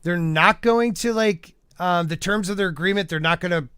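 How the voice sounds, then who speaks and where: A man's voice: high-pitched, normal speed, a bit bright, smooth, dry recording, studio quality. A man hosting a casual podcast panel chat, blunt and profane, who keeps tripping over words as he reads aloud. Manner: stumbles over words while reading aloud. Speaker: podcast host.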